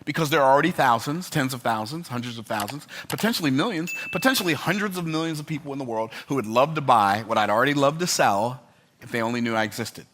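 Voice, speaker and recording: Slight background noise accompanies an older man with a mid-range, fairly bright voice, speaking animatedly at a quick pace. He gives a motivational speech to a live audience, telling stories with emphasis and repetition and frequently checking in with the crowd rhetorically.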